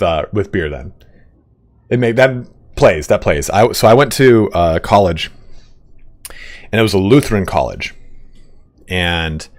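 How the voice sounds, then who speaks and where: A man in his thirties chatting casually while streaming a game, rambling and laughing often, swearing offhandedly. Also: on the low side. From California. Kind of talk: casual chat while gaming.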